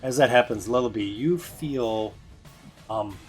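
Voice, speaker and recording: A man running a tabletop game as game master, narrating in a casual, halting way. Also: mid-range voice. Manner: casual, many fillers and restarts. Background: faint music.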